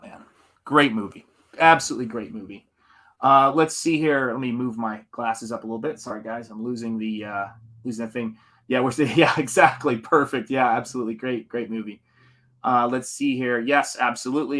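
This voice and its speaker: A man's voice: mid-range voice, brisk, a bit bright. A man hosting a casual livestream while painting, chatting enthusiastically and answering viewers. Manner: enthusiastic, rambling, answers chat. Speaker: livestream host and comic painter.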